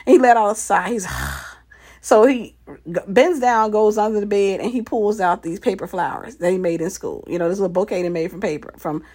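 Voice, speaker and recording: A woman's voice: mid-range voice, brisk, darkish tone, breathy edge. A woman casually telling a personal story, animatedly acting out the quoted dialogue and repeating phrases for emphasis.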